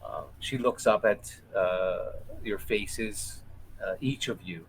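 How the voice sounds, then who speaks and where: A man runs a tabletop game in a slow, unhurried voice pitched a little low. He narrates with many pauses and fillers. A faint hum of room ambience sits behind him. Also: low-quality recording. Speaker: game master.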